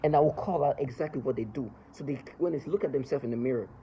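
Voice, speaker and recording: A man's voice: mid-range voice, fast, dark tone, lo-fi sound, a little hiss or hum. A man in an agitated, accusatory, emotional rant, speaking as a monologue. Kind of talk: angry ranting monologue.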